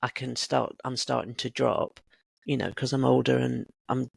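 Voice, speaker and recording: Gravelly low-voiced woman in her sixties. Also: normal speed, no room sound. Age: 60s. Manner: reflective, animated storyteller. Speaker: guest, creative coach. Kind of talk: casual podcast conversation.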